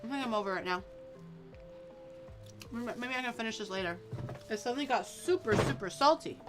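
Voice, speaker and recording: A woman's voice: on the high side, expressive, brisk, music in the background. A woman streamer chatting casually while cooking, playful and teasing, stretching out words to poke fun at pronunciations.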